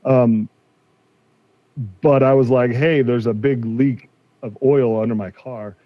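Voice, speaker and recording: Man, 40s, mid-pitch, conversational storyteller; dry, slightly muffled recording. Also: steady tone, takes it slowly, dry recording. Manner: retells a dispute, acting out quoted exchanges. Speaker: podcast guest, car collector. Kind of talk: casual storytelling. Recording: slightly dull, dry sound.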